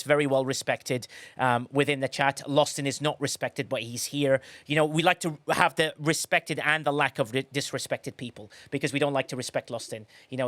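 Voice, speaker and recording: A man hosting a podcast on a group call, chatting in a rambling, excitable way with many restarts. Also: medium pitch, no echo. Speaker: podcast host. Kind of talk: casual chat on a group call. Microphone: remote call mic.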